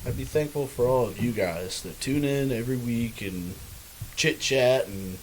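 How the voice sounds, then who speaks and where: A man co-hosting a podcast rambles loosely through a casual chat and swears freely. His pitch sits mid-range for a man. A faint hiss runs under the recording. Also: moderate pace. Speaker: podcast co-host.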